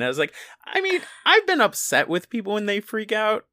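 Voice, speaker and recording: Wry co-host with a bright voice and a lively pitch swing, dry close recording, chatting about a film. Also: no room sound. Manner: halting, self-correcting, wry. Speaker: podcast co-host. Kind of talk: casual movie recap chat.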